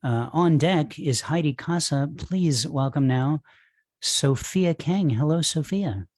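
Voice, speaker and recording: A man hosting a virtual open mic, polite and halting with many fillers, over a video call. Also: a little high, a little mellow, no echo.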